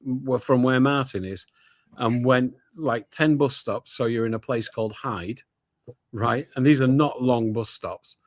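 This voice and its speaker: A man's voice: medium pitch, unhurried, no room sound, studio quality. A man from Manchester with a Manchester accent, a caller chatting casually and explaining with local examples. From Manchester, England. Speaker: guest caller. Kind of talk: casual football chat.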